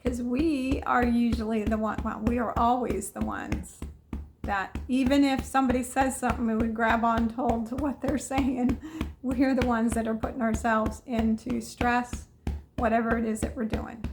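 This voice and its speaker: Woman, higher-pitched voice, calm coach leading tapping affirmations, repeats soothing phrases. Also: moderate pace. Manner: soothing, repetitive guiding affirmations. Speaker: mentor leading a tapping exercise. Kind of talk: guided tapping session.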